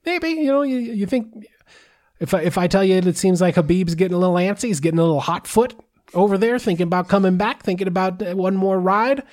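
A male podcast host reads the listener mail in a loose, joking way. His voice sits a bit higher than most men's, and he often starts a phrase over before finishing it. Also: fairly even intonation, fast, a little mellow. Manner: chatty, joking, trails off in restarts. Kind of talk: casual sports podcast chat.

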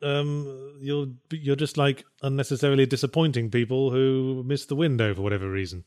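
An English man with an English accent talks in a deadpan way on a casual podcast. His voice is mid-pitched and recorded close and dry. He keeps a straight face through absurd tangents. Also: moderate pace, clean tone, no room sound. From England. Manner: deadpan, spins absurd stories. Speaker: podcast co-host. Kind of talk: casual chat.

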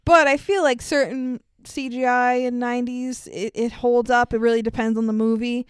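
A woman's voice: on the high side, normal speed, clear, resonant tone, no room sound. A young woman co-hosting a podcast, recapping a movie in casual chat, laughing often and swearing freely. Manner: laughs often, animated and profane. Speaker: podcast co-host.

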